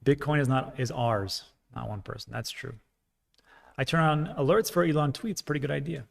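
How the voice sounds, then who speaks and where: A man's voice: mid-range voice, moderate pace, vocal fry. A man hosting a casual livestream, chatting frankly and rambling as he reads out viewer comments, with frequent fillers. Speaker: crypto livestream host.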